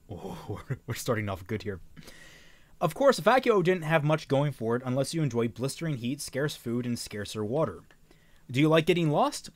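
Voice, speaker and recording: A man's voice: mid-range voice, no room sound. A young man reading a novel aloud on a live stream, often stumbling, rereading phrases and breaking off to make joking comments.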